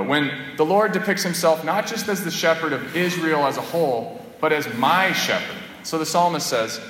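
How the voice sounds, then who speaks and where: A man's voice: fairly high pitch, a bit bright, slight background noise. A man giving a homily as a Catholic priest, speaking in a conversational, storytelling way. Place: church. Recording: echoey church with long reverb.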